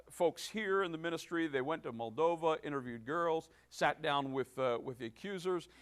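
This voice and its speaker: Male pastor preaching, kinda high voice, stops and restarts a lot then gets emphatic. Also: fairly bright tone. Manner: halting with many restarts, rising to emphatic preaching. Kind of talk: sermon.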